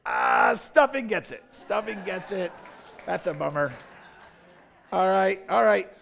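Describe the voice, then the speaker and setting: A man with a high-pitched voice and a gravelly edge calls out to a church crowd. He is jokey and energetic, stirring the congregation into a playful vote. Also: slow. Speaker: pastor. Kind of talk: playful audience poll from the stage. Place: church service.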